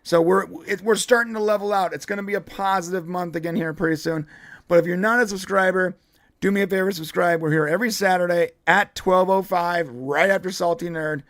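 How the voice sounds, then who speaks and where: A man with a rather high voice co-hosts a casual live stream, rambling through stories with plenty of restarts. He laughs easily between points. The sound is dry and close, with no room echo. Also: steady tone, fairly quick, a bit bright. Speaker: podcast co-host.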